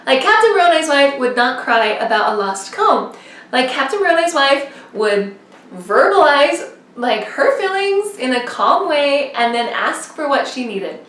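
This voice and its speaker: Recorded from a distance in an echoey room, a young woman vlogs in a talkative, rambling way full of fillers. Her voice sits high and fairly bright, with lively intonation at a normal speed.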